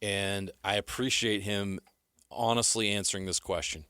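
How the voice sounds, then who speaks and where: A man's voice: on the low side, steady tone, moderate pace, sharp tone, clean tone, dry recording. A man co-hosting a sports radio show, arguing his point and pressing harder as he goes. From United States. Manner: argumentative, rising and pressing as he makes his case. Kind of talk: opinionated sports talk.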